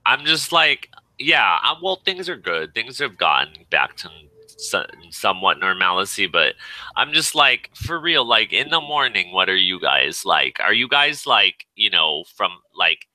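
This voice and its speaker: A man's voice: on the low side, big pitch swings, measured pace, sharp tone, no echo, rough recording. A tired man venting and swearing in casual chat, rambling in exasperation.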